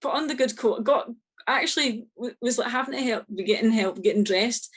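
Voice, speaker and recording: A Scottish woman, an author appearing as a podcast guest, tells a story in casual chat, laughing often and acting out the quoted exchanges. Her voice sits on the high side, with a breathy edge, and she talks a little fast and lively.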